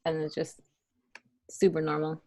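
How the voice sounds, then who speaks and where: A woman making quick, enthusiastic remarks in a casual chat. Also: low-pitched, monotone, creaky, mellow.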